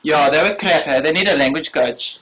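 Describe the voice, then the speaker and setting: A man's voice: a little high, moderate pace, fairly bright tone, lightly acted, rough recording. A man putting on a South African accent to play a jokey male tarot reader who tags his lines with "eh". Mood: playful. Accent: put-on South African.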